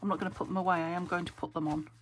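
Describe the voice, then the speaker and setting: Sorting craft papers in her craft room at home, this craft vlogger from England talks very fast, her fairly even voice sitting on the low side. She muses aloud and keeps dropping to a whisper because her voice is weak and she's protecting her throat. Paper crinkles and clicks can be heard over poor-quality audio.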